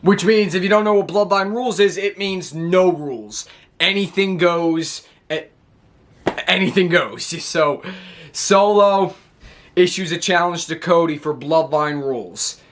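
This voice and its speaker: A young man talks through a wrestling recap in a loose, rambling way, often laughing at his own retelling. His voice sits a touch high for a man, and he gets worked up as he goes. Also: unhurried. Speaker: wrestling show reviewer. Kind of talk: casual recap vlog.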